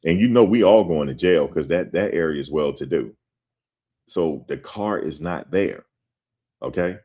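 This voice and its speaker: A man with a very deep voice tells a story in a loose, conversational way. He talks straight to his listeners and gets animated as he goes, like a host chatting to his audience. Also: a little slow, husky. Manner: animated, conversational, addresses listeners directly as "guys". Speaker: show host. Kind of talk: casual spoken storytelling and commentary.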